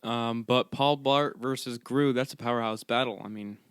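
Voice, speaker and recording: Man podcast co-host, relaxed and encouraging, dry close-miked sound. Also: medium pitch, normal speed, smooth, no room sound. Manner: laid-back, encouraging listener. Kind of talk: casual chat.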